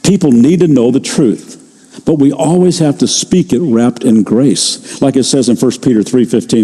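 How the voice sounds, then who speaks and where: An older man preaching a sermon as pastor, telling stories in a conversational way and slowing down to stress key phrases. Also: mid-range voice, mellow, breathy edge, long reverb tail. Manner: conversational storytelling, slows for emphasis.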